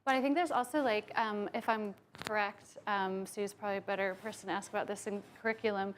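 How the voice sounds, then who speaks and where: A woman's voice: medium pitch, steady tone, fast, slight background noise. British woman, choreographer on a panel, chatty with lots of fillers. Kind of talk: panel discussion answer.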